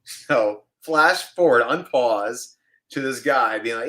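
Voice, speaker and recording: A man from New York, an actor, telling an animated story in a casual interview and acting out the people in it. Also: mid-range voice, slow pace. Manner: animated storyteller, acts out other people's voices.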